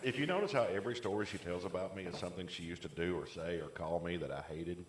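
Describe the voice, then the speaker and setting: A man's voice: sits low, fast, roomy sound. A man co-hosting a casual chat podcast, telling long rambling stories full of "like" fillers. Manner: rambling storyteller, many "like" fillers. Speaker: podcast co-host.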